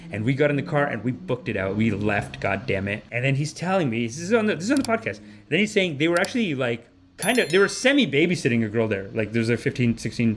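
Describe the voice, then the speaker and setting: A man in casual vlog storytelling, rapid and animated, with quick restarts as he talks. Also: medium pitch. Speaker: comedian and podcast host.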